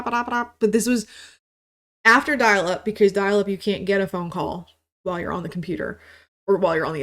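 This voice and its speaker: Ranting millennial woman podcaster. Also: on the low side. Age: 30s. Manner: rambling, swears a lot, mock-ranting. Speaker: podcast host. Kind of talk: casual solo monologue.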